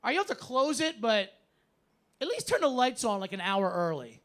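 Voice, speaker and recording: Man, high voice, stand-up comic, profane sarcastic rants, live club mic with faint room noise. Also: very animated, a little fast, fairly bright tone. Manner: loose, profane, sarcastic ranting. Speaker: stand-up comedian. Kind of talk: stand-up comedy set. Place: comedy club stage.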